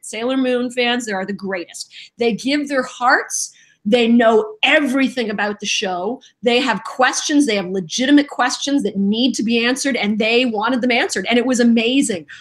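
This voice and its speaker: A middle-aged woman, a voice actress, telling stories in a lively, self-deprecating way during a casual interview. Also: fairly high pitch, moderate pace. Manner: animated, self-deprecating storyteller. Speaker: voice actress guest.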